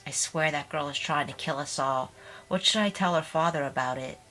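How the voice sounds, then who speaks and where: A woman's voice: sits low, moderate pace, sharp tone, faint music behind, low-quality recording. A woman reading a sour, scolding older woman. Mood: scornful. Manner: scornful, scolding.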